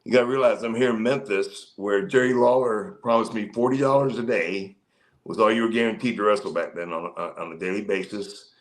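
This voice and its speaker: A man in his fifties with a fairly low voice, sitting as a guest and telling long stories from his wrestling days. He wanders through his sentences with fillers and restarts. He jumps into livelier voices whenever he quotes someone. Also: a little fast, low-quality recording. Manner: rambling, with many fillers and restarts; acts out quoted people in a livelier voice. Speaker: guest, former pro wrestler. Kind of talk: casual storytelling in an interview.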